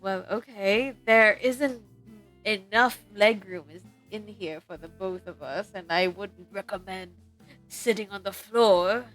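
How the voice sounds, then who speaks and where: A drunk young punk lounging about, lazy and teasing as he drawls his slow lines, put on by a woman in a slightly lowered voice. He talks at an unhurried pace over faint guitar music. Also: a bit bright. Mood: wry.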